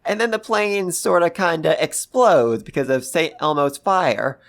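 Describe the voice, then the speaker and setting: A host giving a casual, gushing review of a manga chapter, talking excitedly and repeating phrases for emphasis. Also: mid-range voice, a little slow, vocal fry. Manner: gushing, excitable, gasps and laughs. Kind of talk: casual commentary.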